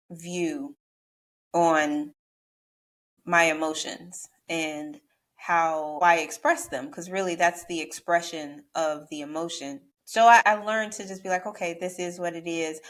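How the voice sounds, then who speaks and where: A woman's voice: fairly low pitch, slow pace, fairly bright tone. A woman hosting an interview podcast who speaks in a reflective, faith-minded and affirming way. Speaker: podcast host.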